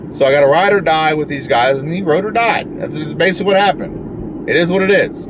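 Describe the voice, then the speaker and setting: A man's voice: on the high side, noisy background. A man ranting frustratedly and bluntly as a sports fan, swearing often.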